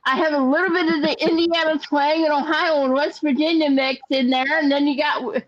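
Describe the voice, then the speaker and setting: A woman's voice: high-pitched, steady tone, a little fast, no room sound, dull audio. An older woman hosting a casual crochet chat stream, telling rambling stories and repeating words as she goes. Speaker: host of a crochet chat livestream.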